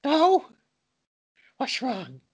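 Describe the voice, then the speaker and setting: A woman putting on a high, wheedling impression of a clingy male actor for comic banter. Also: huge pitch swings, darkish tone, breathy edge, exaggerated voice. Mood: creepy wheedling. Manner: wheedling, squeaky, drawn-out.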